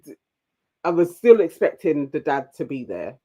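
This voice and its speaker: A British woman co-hosting a casual TV recap chat, animated and quick to mimic people in mocking voices. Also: sits low, husky. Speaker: co-host.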